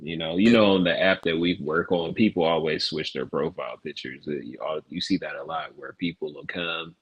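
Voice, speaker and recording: Super deep husky guy, laid back chat, dry mic. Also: fairly quick, dry recording, dull audio. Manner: relaxed, agreeable, explains things. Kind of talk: casual chat.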